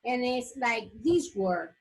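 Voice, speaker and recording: Woman teacher modeling words slowly. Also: a little high, lively intonation, gravelly, poor audio. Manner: slow, drawn-out modeling of example words; frequent checking "okay?" with the class. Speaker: English teacher. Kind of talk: classroom lesson on pronunciation.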